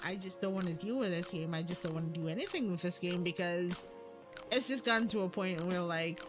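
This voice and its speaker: A woman's voice: lowish voice, brisk, music in the background. Woman ranting with heavy profanity. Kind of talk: heated casual discussion.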